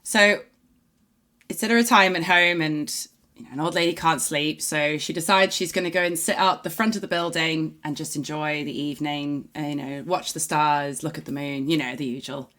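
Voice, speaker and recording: A woman co-hosting a reaction video, telling a long joke in a casual, animated way and laughing easily. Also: deep voice, moderate pace. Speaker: reaction channel co-host.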